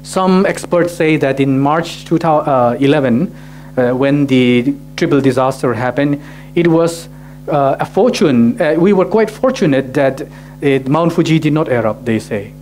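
A man's voice: a little high, animated, a little slow, a little mellow, faint music behind. A male pastor preaching a sermon, asking rhetorical questions and often adding "right?" to his sentences. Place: church gathering.

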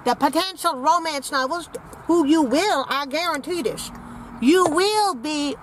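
A woman's voice: high voice, fairly bright tone, a little hiss or hum, pitched above the performer's own voice, poor audio. A woman playing a vain, brash old granny character, rambling with sassy, crude asides from inside a parked car. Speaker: comedy vlogger in character.

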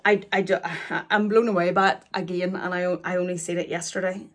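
A woman in her forties chats to camera through an unboxing. Her voice sits a little low for a woman, and she speaks in halting bursts, restarting her sentences as emotion gets the better of her. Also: flat delivery, a bit bright. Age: 40s. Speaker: luxury vlogger. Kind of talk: chatty unboxing vlog.

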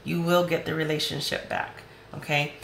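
A woman reads tarot cards for her viewers, chatty and reassuring as she speaks right to them. Her voice is hoarse and gravelly from talking. The sound is roomy and echoey, with a faint hiss behind it. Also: low voice, level tone, normal speed, fairly bright tone. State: voice going hoarse. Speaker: tarot reader. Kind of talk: tarot reading video.

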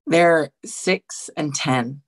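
Theatre actress from Guam, heartfelt and animated, dry video call audio. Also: female voice, deep voice, very slow, no echo. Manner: emotional, animated, says "right" often. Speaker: guest, theatre actor. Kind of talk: casual panel chat.

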